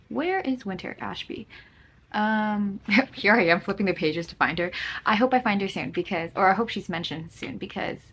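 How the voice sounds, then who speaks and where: Woman book vlogger, casual and excitable, chatty delivery that trips over itself. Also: mid-range voice. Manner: chatty and gushing, with frequent restarts. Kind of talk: casual reading vlog chat.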